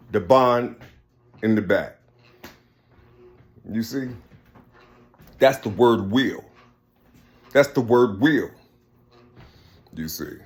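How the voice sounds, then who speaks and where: A man giving a rambling spiritual monologue, repeating himself often. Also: lowish voice. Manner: rambling, repeats "you see" constantly.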